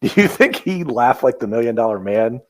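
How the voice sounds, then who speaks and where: Co-hosting a casual wrestling podcast, a Midwestern man speaks fairly quickly in a very animated, medium-pitched voice with no echo. He's easygoing and asks lots of questions.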